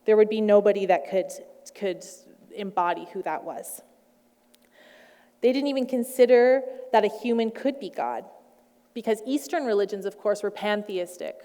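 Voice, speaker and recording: A woman's voice: mid-range voice, moderate pace, dark tone, long reverb tail. A woman preaching a sermon in a conversational way, with playful asides.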